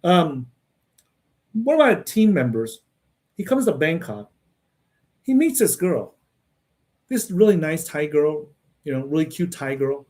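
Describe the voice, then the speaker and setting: Man, livestream host, casual monologue; brash, blunt delivery, a touch higher pitched than most. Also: sing-song, measured pace, pauses often, darkish tone. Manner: repeats "man" and "okay?" as tags.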